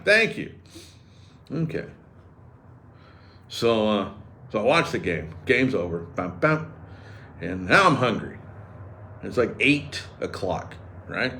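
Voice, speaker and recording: His voice sits fairly low, and he talks slowly with long pauses. Still, the man is an animated sports radio host, riffing and joking sarcastically in easygoing banter.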